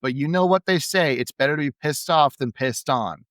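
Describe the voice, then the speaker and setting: A man reading out the lines of a gruff, defiant male wrestler, blunt, combative and full of curses. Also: a little high, normal speed, fairly bright tone, dry recording, lightly acted.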